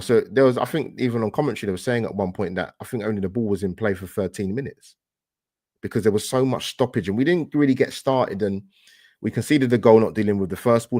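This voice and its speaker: A man in casual podcast chat who rants with passion and fires off rhetorical questions. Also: lowish voice. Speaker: football podcast guest.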